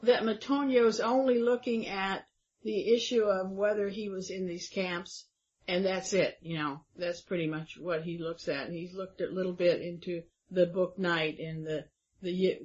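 A woman interviewing a guest in a chatty way, thinking aloud and pausing with fillers. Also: on the low side, steady tone, a little mellow. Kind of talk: conversational interview. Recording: dull lo-fi sound.

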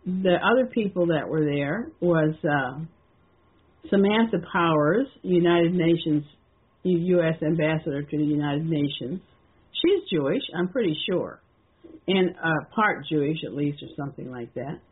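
Older lady rambling on her radio show, low husky voice, sounds like a phone line. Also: expressive. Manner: rambling, halting, many restarts and fillers. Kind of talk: casual call-in radio talk.

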